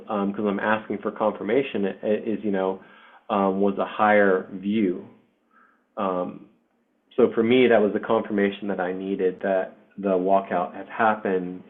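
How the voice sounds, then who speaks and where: A man in his forties hosting a spiritual group call, sharing a personal experience in an informal, heartfelt way. His voice sits a little low. The audio is narrow and tinny, like a video call. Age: 40s. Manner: informal and heartfelt, says "dude", many fillers. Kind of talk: casual personal storytelling.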